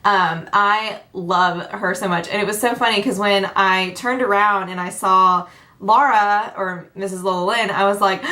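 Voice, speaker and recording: A woman's voice: normal speed, sharp tone. Young woman beauty vlogger, from Tennessee, bubbly casual chat, mid-range voice. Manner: bubbly, chatty, acts out quotes with big pitch jumps.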